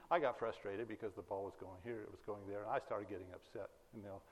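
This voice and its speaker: Folksy preacher in an echoing hall. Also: male voice, on the low side, steady tone, quick pace, a little hiss or hum. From Berkeley, California area. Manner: conversational, folksy, chuckles at his own jokes. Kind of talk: informal sermon with personal stories. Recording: long hall reverb.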